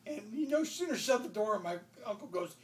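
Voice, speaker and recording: His voice sits high and lively, moving fairly quickly, as this man laughs his way through a funny childhood story about his family during casual conversation. The recording is reverberant, with a distant mic and faint background noise.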